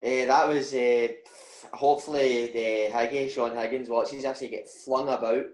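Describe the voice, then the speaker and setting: A man's voice: medium pitch, normal speed, reverberant, poor audio. A man with a Scottish accent, a footballer guest telling stories in a casual chat and laughing often. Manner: laughs often, animated anecdotes. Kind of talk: casual storytelling.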